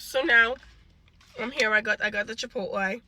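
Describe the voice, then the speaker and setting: A woman's voice: on the high side, moderate pace, noisy background. A woman in her thirties telling an exasperated story about her day in a casual vlog. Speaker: mom vlogger.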